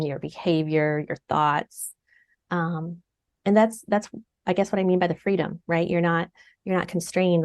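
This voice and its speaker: A woman's voice: fairly low pitch, a little mellow. A middle-aged woman in a conversational interview, speaking earnestly and often repeating words as she searches for them. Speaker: guest, client sharing her recovery.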